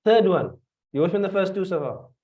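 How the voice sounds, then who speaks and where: A South African man with a high, expressive voice teaches a tafsir lesson at a moderate pace, questioning his students and repeating phrases as he explains. The classroom recording is dull and lo-fi, captured from a distance.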